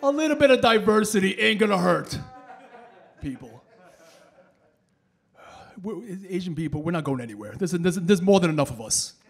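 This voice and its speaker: Male stand-up comic in his thirties, lively storyteller, a bit higher-voiced. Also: normal speed, creaky, long pauses. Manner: animated storytelling, acting out voices. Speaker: stand-up comedian. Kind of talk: stand-up comedy set. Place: comedy stage with laughing audience.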